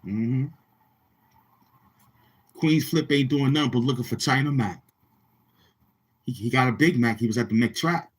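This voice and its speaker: This commentary vlogger speaks at a medium pitch, slightly rough and unhurried, pausing often. His channel commentary is rambling street talk, taunting and repetitive, laid on with heavy slang.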